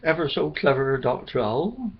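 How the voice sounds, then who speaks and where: A man voicing an excitable young male blackbird who frets and stammers, in a storybook reading. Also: moderate pace, breathy edge, exaggerated voice. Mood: eager. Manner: fretful, high and stammering. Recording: dull lo-fi recording.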